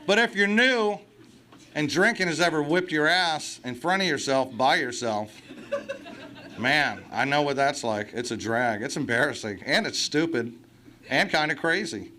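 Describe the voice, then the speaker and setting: A man's voice: fairly high pitch, animated, measured pace, bright, forceful tone. A man speaking at a recovery meeting, telling blunt, profane, comic stories to a live crowd. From United States. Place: meeting hall before an audience.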